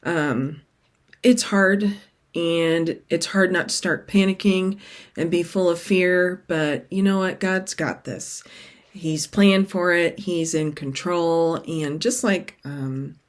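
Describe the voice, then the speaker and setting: A middle-aged woman with a slightly low voice chats casually to her vlog audience. She rambles and drifts from one aside to the next in a relaxed, talkative way. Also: takes it slowly. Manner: rambling, chatty, sidetracked. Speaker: cross-stitch vlog host. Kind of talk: casual chat.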